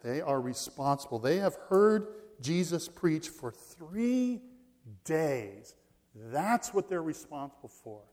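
Man preaching a sermon, swinging loud and soft. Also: on the high side. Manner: reads scripture slowly, swings from loud stress to quiet asides. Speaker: pastor.

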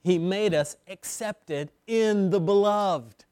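A male pastor preaching an expository sermon at a slow, deliberate pace, with a slightly higher voice. He stretches phrases and repeats words for emphasis. The sound is dry and close. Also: darkish tone, smooth, dry recording.

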